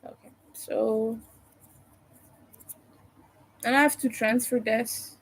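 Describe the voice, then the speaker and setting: A woman's voice: fairly high pitch, steady tone, drawn-out words, breathy edge, rough recording. A sleepy woman on a casual livestream from home, rambling and apologizing as she thinks aloud. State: sleepy, yawning.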